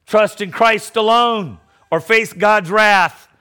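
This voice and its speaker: Speaking slowly in a clean tone, a middle-aged man preaches an emphatic sermon. He alternates loud declarations with low mocking asides and often repeats words when he restarts.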